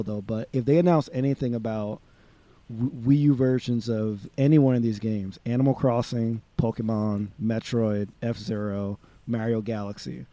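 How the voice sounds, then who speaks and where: Dark-voiced rambling podcast guy. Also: medium pitch, no room sound. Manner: rambling, many restarts and fillers. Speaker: podcast co-host. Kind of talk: casual podcast chat.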